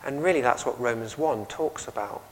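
A man's voice: medium pitch, normal speed, low-quality recording. A man with an English accent preaching a sermon, telling stories and asking the congregation questions. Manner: lively storytelling, audience questions.

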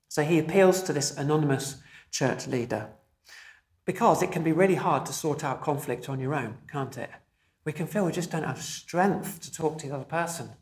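A man, a pastor, preaching a sermon in a measured, emphatic way, slowing down to stress key phrases. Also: on the high side, a little mellow, reverberant.

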